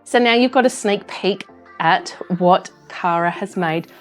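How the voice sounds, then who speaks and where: An Australian woman hosts her own craft vlog, talking in an eager, effusive way about what she has made and been given. Her voice sits at an ordinary middle pitch for a woman. Soft music plays faintly underneath. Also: unhurried. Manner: gushing, effusive and warm-hearted. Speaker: craft artist and channel host. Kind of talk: casual craft vlog narration.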